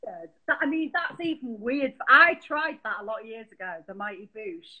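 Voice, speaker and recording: A woman's voice: fairly high pitch, animated, moderate pace, phone-quality sound, crowd noise. A woman chatting as a guest on a video call, talkative and teasing. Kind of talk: casual video-call chat.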